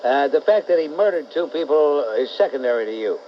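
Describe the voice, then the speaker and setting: A man's voice: on the high side, expressive, brisk, a little hiss or hum. A middle-aged man hosting talk radio, dry and playing along. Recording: dull lo-fi talk radio recording.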